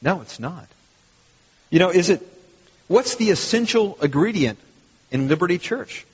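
Animated husky male pastor preaching. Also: high voice, a little slow. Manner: animated, rhetorical questions, repeats phrases. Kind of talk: sermon. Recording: long hall reverb, dull lo-fi sound.

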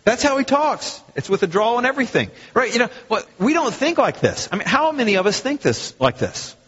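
A man preaching a sermon as a pastor, animated and fond of rhetorical questions and repeated phrases. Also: high voice, a little fast, breathy edge. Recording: long hall reverb, dull lo-fi sound.

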